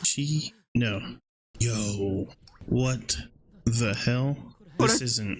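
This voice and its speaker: A man's voice: mid-range voice, animated, slow, long pauses, very noisy. A man playing a horror game and reading its dialogue aloud, with casual, slangy reactions in between. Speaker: gaming video creator.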